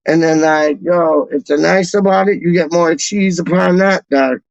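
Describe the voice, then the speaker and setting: Laid-back slangy American guy, gravelly. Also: on the high side, normal speed, no room sound. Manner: slangy, laid-back, constantly says "dog". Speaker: football fan channel host. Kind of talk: casual rambling chat. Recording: slightly dull lo-fi sound.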